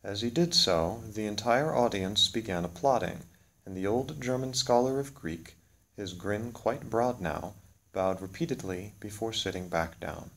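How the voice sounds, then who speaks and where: A man narrating a scripted literary story in a measured, solemn way. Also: lowish voice, vocal fry, a bit bright.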